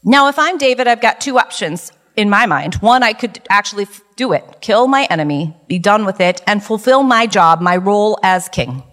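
Female Bible study teacher, mid pitch, lively and conversational, long hall reverb. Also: moderate pace, few pauses. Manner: lively, chatty, asks rhetorical questions.

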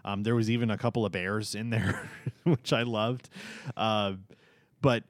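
A man's voice: lowish voice, fairly even intonation, a little slow, no room sound. A man co-hosting a podcast in casual chat, talking with frequent ums and uhs. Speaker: podcast co-host.

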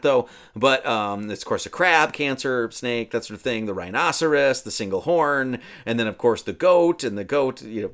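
A man's voice: mid-range voice, a bit bright. A man hosting a podcast, casually walking through a film scene and thinking aloud with frequent restarts and asides. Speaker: podcast host.

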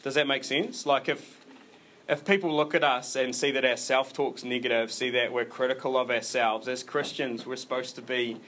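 A man preaching a sermon in a relaxed, conversational way, full of fillers and restarts. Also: medium pitch, moderate pace. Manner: informal, rambling delivery with many fillers and restarts.

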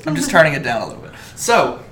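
A man's voice: on the high side, huge pitch swings, fast talker, a bit bright, a little hiss or hum. A man casually narrating as game master of a tabletop game, joking with his players, recorded on a distant shared mic in an echoey room.

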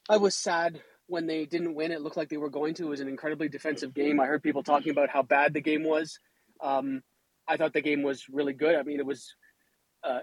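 A man's voice: fairly high pitch, dry recording, rough recording. A man from Canada in casual podcast chat, wry and tongue-in-cheek, often stopping and restarting his sentences.

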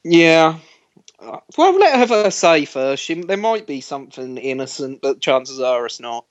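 A man's voice: a little high, sing-song, no echo, highs cut off. Blunt, sweary man with a dry sound. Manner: blunt, swearing, quick to judge. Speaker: podcast co-host. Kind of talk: casual banter podcast.

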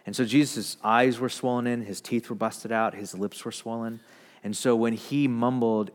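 A man preaching a sermon, swinging between loud emphatic declarations and hushed, low retellings. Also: steady tone, normal speed. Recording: long hall reverb.

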